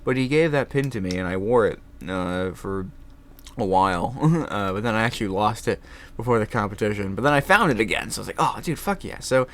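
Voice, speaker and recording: A young man talking casually on his vlog, animated and swearing freely, laughing often. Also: lowish voice, fairly quick. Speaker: vlogger. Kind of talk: casual chat.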